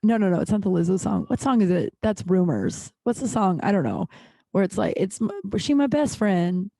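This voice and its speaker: A woman hosts her podcast from home in loose, rambling personal chat. She talks with animated energy, swears freely and drifts close to tears now and then. Her voice sits at a middle pitch, and the recording is dry and close. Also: a little fast, creaky, no echo. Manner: emotional, close to tears at times. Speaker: podcast host.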